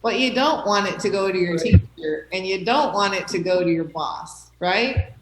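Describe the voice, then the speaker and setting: A woman's voice: medium pitch, animated, moderate pace, echoey room, poor audio. A woman teacher talking to her class, reassuring and checking in with "okay?" and "right?" as she goes. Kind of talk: classroom talk.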